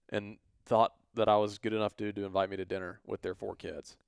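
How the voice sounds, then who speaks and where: A man's voice: fairly low pitch, fairly quick, creaky, hardly any pauses, smooth, dry recording, studio quality. A man, co-hosting a podcast, telling a story in a casual way and acting out the people he quotes. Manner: animated, acts out quoted voices. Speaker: podcast co-host.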